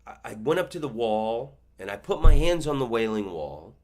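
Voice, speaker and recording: A comedian and podcast host in his fifties tells a story as a monologue, delivering it animatedly with stammering restarts. His voice sits in the mid range and moves at a moderate pace.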